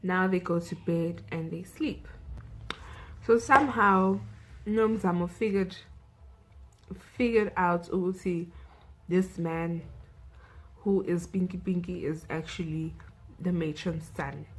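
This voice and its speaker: A woman's voice: fairly low pitch, slow pace, long pauses, husky, poor audio. A young South African woman vlogger recapping a film in a chatty way, saying "like" and "you know" a lot.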